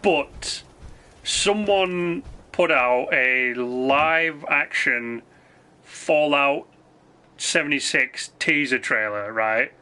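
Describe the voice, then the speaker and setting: A man's voice: mid-range voice, extremely slow, pushed and bright, clean tone. A man ranting casually on a live game stream, swearing freely, rambling and restarting his sentences. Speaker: gaming streamer.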